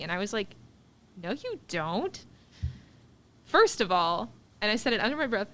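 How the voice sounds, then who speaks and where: A woman's voice: mid-range voice, sing-song, moderate pace, long pauses, sharp tone. A woman in her twenties, a podcast co-host, chatting casually and acting out kids' voices as she tells a story. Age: 20s.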